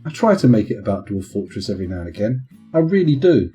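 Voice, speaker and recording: Male game streamer, chatty and pun-loving, mellow voice that swings in pitch, soft guitar underneath. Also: very animated, fast. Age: adult with children. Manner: rambling, punning, prone to tangents. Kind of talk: casual live-stream commentary.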